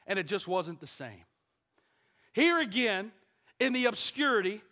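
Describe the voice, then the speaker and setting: A man's voice: very high voice, pushed and bright. A man in his fifties from Kentucky, preaching a personal testimony with earnest storytelling and emphatic shifts in volume.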